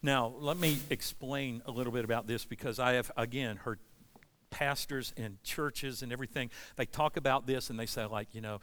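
A man's voice: mid-range voice, steady tone, normal speed, fairly bright tone. A middle-aged male pastor preaching a sermon, impassioned and conversational, reading scripture and acting out what God and churchgoers might say.

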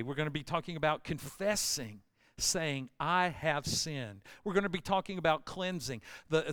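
A man pastor preaching a sermon, retelling a scripture story in plain everyday words and building to loud emphatic bursts. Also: on the high side, clear, resonant tone, no room sound.

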